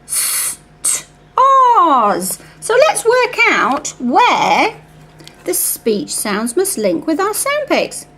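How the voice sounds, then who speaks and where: A woman teaching phonics to young children, slowly and sing-song sounding out each speech sound and coaxing a puppet helper. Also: high voice, huge pitch swings, a bit bright, a little hiss or hum. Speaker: reading teacher.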